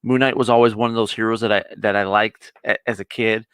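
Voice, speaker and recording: A man's voice: fairly low pitch, steady tone, a little fast, a bit bright, clear, resonant tone, no echo. A man co-hosting a casual review chat, eagerly retelling a TV episode in a rambling way. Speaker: co-host of a nerd review show.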